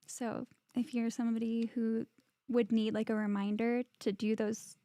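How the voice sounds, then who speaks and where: A woman co-hosting a casual podcast chat, chatty and quick to laugh, reading viewer comments aloud. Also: fairly high pitch, level tone, mellow, no echo, studio quality. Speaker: podcast co-host.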